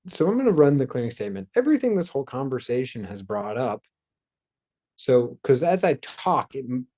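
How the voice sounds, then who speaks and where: A man hosting a spiritual self-help talk, speaking loosely and rambling, with sighs and soft asides. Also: medium pitch, big pitch swings, fairly quick. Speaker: host.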